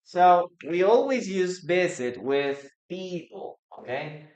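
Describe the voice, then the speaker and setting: A male English teacher leads a live online lesson at an unhurried, deliberate pace. He repeats each word and keeps asking the chat questions. His voice rings with a roomy echo. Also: high voice, lively intonation, a little mellow, muffled recording. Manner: patient, repeats words, quizzes the chat.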